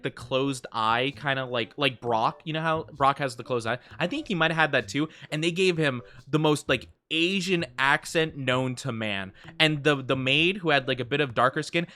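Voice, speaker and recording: A man's voice: mid-range voice, bright, forceful tone. A man streaming a game, chatting casually in a rambling way, full of fillers and laughing easily. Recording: faint background music.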